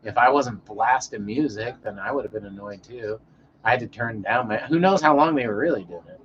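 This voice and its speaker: A man's voice: mid-range voice, a little fast, highs cut off. Laid-back man chatting on a stream. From Denver, Colorado. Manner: laid-back, rambling, answers chat by name. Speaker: livestream host reading chat. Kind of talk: casual livestream chat. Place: home, indoors.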